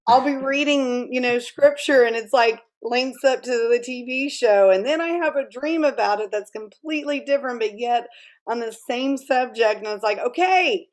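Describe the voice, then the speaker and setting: A middle-aged woman, a guest author in a conversational interview, who tells animated stories, laughs often and acts out quoted lines. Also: on the high side, moderate pace.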